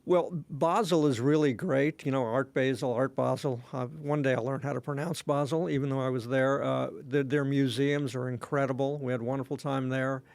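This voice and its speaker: A man's voice: mid-range voice, fairly even intonation, moderate pace, creaky, few pauses, darkish tone, dry recording. A man co-hosting a casual podcast chat, rambling along with lots of fillers and restarts. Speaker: podcast co-host.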